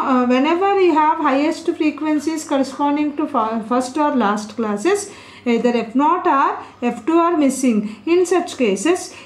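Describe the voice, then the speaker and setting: A woman teaching a statistics lesson at a board, explaining step by step and putting questions to her class. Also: high voice. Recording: echoey room.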